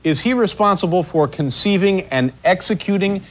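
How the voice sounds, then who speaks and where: A man's voice: high voice, expressive, moderate pace. A man hosting a late-night talk show, bantering with a guest in a dry, teasing way. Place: TV studio with audience. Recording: old VHS tape with audience and hiss.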